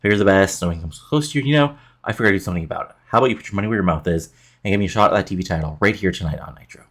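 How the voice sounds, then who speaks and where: A man's voice: sits low, rapid-fire, a bit bright. A man voicing a confident, mocking male wrestler issuing a title challenge, in a game playthrough.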